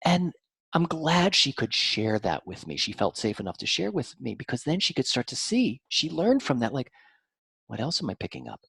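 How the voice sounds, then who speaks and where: Animated husky man explaining. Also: moderate pace, no room sound. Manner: animated, swings from lively to soft and low. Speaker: guest, mind-body practitioner. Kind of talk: conversational explanation.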